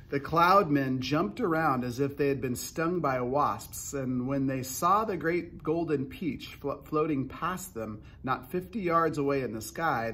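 A man's voice: medium pitch, fairly bright tone, breathy edge. A man reading a children's book aloud, narrating unhurriedly with small restarts.

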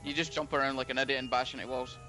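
A man playing co-op with friends in casual chat, quick with wisecracks. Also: medium pitch, little pitch movement, bright, forceful tone, faint music behind. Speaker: co-op player.

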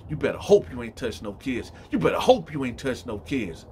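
A man voicing a tough, menacing prison inmate who gives gruff orders. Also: medium pitch, sing-song, a little fast, darkish tone, a little hiss or hum, natural voice. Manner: gruff, commanding.

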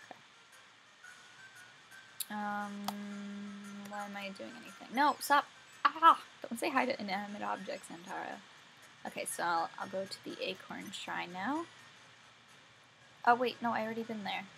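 A woman's voice: medium pitch, steady tone, moderate pace, creaky, long pauses, fairly bright tone, low-quality recording. A young woman casually commenting on her gameplay, talking to herself and yawning now and then. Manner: chatty, talks to herself while playing. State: sleepy, yawning. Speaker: let's play gamer. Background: faint game music.

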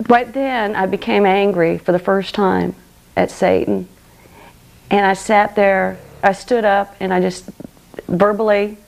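A woman's voice: mid-range voice, gravelly, a little mellow, rough recording. A middle-aged woman telling her personal faith testimony in an earnest, emotional way, often saying "you know". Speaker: guest sharing her testimony.

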